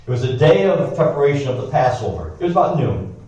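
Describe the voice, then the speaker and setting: A man reading scripture aloud with brief comments of his own, steady but with occasional stumbles and asides. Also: mid-range voice, fast. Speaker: scripture reader. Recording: echoey room, distant mic.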